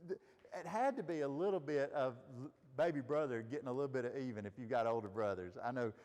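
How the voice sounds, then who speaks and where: A man's voice: mid-range voice, fast talker, a little mellow, big-room sound. A man leading a Bible study, teaching casually and asking the group questions. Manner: conversational, asks the group questions. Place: room with a group of listeners.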